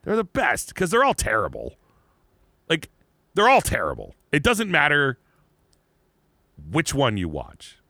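A man co-hosting a loose comedy podcast, his voice swinging widely in pitch and sounding bright and forward. He rambles with lots of "like" and laughter. The recording is dry and close. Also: a little slow, creaky, pauses often, dry recording. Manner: rambling, animated, frequent "like" and laughter, playful mock voices. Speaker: podcast co-host. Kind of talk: casual comedic chat.

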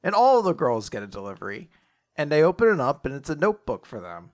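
A man's voice: a little high, sing-song, quick pace. Chatty young man recapping casually. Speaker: podcast host. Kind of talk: casual manga chapter recap.

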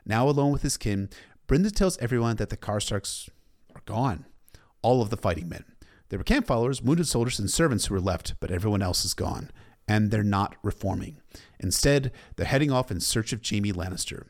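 A man's voice: on the low side, lively intonation, a little fast, darkish tone. A man recapping a story in a casual, irreverent way, cursing freely. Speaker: book recap narrator.

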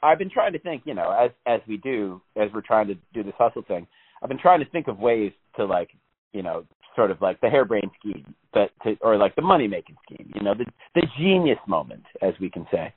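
A man talking casually on a podcast, rambling along with plenty of laughter and swearing. His pitch swings widely as he talks. The sound is thin and tinny, like a phone line. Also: very animated, brisk, slightly rough. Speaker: podcast co-host. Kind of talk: casual chat.

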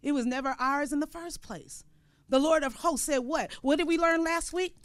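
A woman preaching a sermon, with call-and-response phrases and sudden loud emphasis. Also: sits high, normal speed, dry recording.

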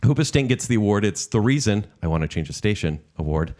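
A man co-hosting a casual podcast chat, animated and earnest as he argues for a band he loves. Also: lowish voice, fast talker. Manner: animated, earnest about his favorite band. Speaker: podcast co-host.

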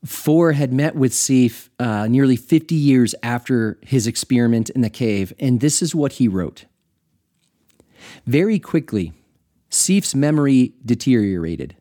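Male podcast host, middle-aged, mellow and warm, reflective and chatty, breaks into little asides. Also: medium pitch. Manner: conversational, self-amused, with asides to the listener. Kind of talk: reflective spoken teaching.

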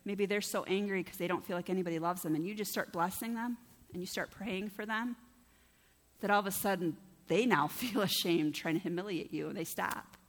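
A woman's voice: mid-range voice, fairly quick. A woman pastor giving a conversational sermon, often asking her listeners "right?" as she speaks. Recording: long reverb of a church hall.

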